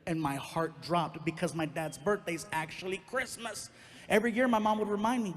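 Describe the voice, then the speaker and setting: High-pitched man telling a stage story. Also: brisk. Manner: animated, acts out other voices. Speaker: stand-up comedian. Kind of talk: stand-up storytelling. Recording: live hall recording with long reverb.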